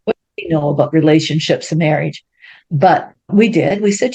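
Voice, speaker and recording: A woman, an interview guest telling her life story in a lively way and acting out what people said. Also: sits low, moderate pace, breathy edge. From Ontario, Canada. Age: 70s. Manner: animated, acts out quoted speech in a raised voice.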